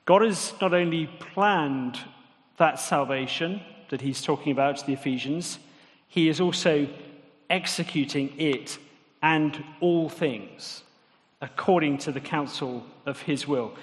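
A man's voice: on the high side, measured pace, in a large hall. A man preaching a sermon in a conversational way, often putting questions to the congregation.

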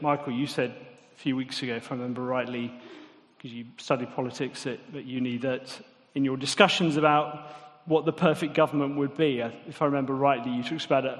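A man's voice: mid-range voice, long reverb tail. A man preaching a sermon in a conversational way, often putting questions to the congregation.

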